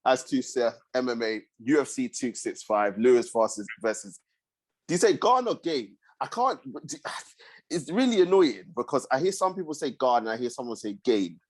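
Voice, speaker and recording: A man hosting a sports podcast, talking in a relaxed way with frequent fillers. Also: mid-range voice, moderate pace. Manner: relaxed, hesitant with fillers, agreeable. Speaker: podcast host. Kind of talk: casual chat.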